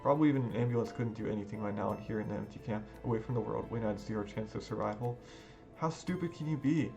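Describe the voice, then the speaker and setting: A man's voice: fairly low pitch, fairly even intonation, very fast, vocal fry, darkish tone. A man reading a visual novel aloud in a dramatic, emotional first-person narration over background music. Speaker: gaming video creator. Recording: music playing underneath.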